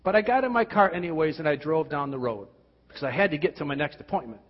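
A man preaching a sermon, asking emphatic rhetorical questions and dropping at times to quiet, intense tones. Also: animated, fast. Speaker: pastor. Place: church. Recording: dull, boomy hall sound.

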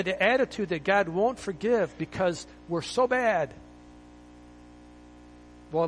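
A man's voice: fairly high pitch, poor audio. A man preaching a sermon as pastor, emphatic and exhorting, full of rhetorical questions.

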